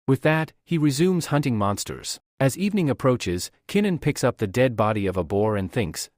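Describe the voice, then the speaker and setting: A man narrating a comic recap in a lively, scripted storytelling way. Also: mid-range voice, normal speed, few pauses, no echo, clean studio sound.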